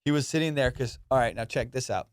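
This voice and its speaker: A young man, a comedian hosting his podcast, telling a profane, animated story. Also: medium pitch, fast, clean tone, no echo, studio quality. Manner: profane, animated, acts out voices. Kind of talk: casual storytelling.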